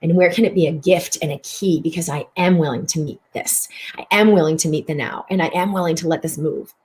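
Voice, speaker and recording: A woman with a slightly low voice leads a mind-body self-help broadcast as host. She speaks expressively and swings her pitch widely as she voices inner thoughts. At times she drops to a soft, hushed tone. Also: a little fast. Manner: repeats words for emphasis. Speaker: host and physician.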